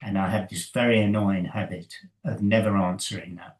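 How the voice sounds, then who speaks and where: A man, a coach and interview guest, talking thoughtfully in a halting way with many fillers and soft laughs. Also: on the low side, steady tone, low-quality recording. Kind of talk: conversational interview.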